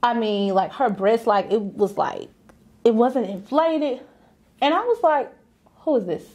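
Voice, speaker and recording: A woman's voice: a little high, expressive, measured pace, a little mellow. A young adult woman and business owner telling a personal story candidly and conversationally, acting out the voices she quotes.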